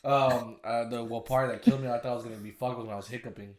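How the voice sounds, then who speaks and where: A man's voice: medium pitch, steady tone, rapid-fire, crowd noise. A man co-hosting a podcast, rambling in casual chat with lots of fillers and crude talk. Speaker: podcast co-host.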